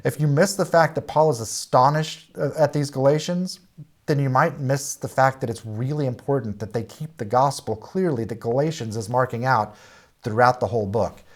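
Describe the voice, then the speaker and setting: A man's voice: medium pitch, normal speed. Plain-spoken man teaching a Bible lesson. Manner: plain-spoken, with frequent "uh" and restarts; explains with lists of example words.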